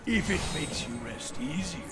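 A man's voice: fairly high pitch, lively intonation, normal speed, close to an everyday voice. An actor playing a dutiful male companion in a fantasy video game, answering orders in short clipped lines. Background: loud game music.

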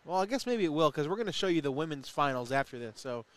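Male commentator, slightly high voice, chatty and joking, hiccups throughout. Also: sing-song. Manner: chatty, joking, quick asides about the play. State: has the hiccups. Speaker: play-by-play commentator. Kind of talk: casual sports commentary.

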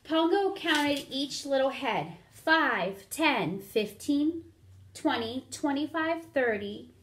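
A woman reads a picture book to children, her voice high and her pace slow and patient. She stops often to count out loud and ask the young listeners what they see. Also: animated, slight background noise. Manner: interactive, asks children to count along. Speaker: storyteller for children.

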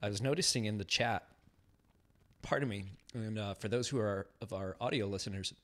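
A man's voice: fairly low pitch, a little fast, a bit bright. Laid-back slangy male podcast co-host. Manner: laid-back, slangy, many 'uh's, laughs at own slips. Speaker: podcast co-host, beard stylist. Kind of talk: live-stream podcast chat.

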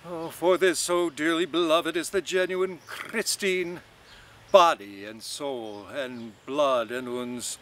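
A man's voice: slow, a bit bright, a little hiss or hum. A man putting on a boisterous, mocking young Buck Mulligan. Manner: booming mock-preacher intoning.

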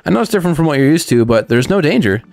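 A man commenting excitedly on a cozy video game, talking sweetly to the characters. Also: on the high side, very fast, vocal fry, no echo. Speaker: gaming channel host. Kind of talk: let's play commentary.

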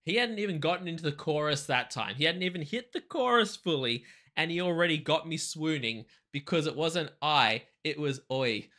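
A man's voice: fairly high pitch, lively intonation, normal speed, bright, forceful tone. A man hosting a music reaction video, gushing in exaggerated, playfully scolding casual commentary.

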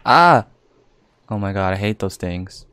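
Swearing, fast-reacting young male gamer. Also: fairly low pitch, no echo. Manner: reactive, swears and exclaims often, thinks aloud. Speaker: gaming YouTuber. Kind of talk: live game commentary.

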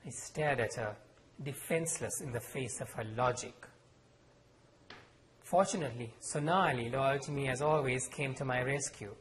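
A man from Sri Lanka, reading aloud from his novel in a measured, expressive storytelling manner at a university event. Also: mid-range voice, reverberant, poor audio. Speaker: author. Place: lecture hall at a university event.

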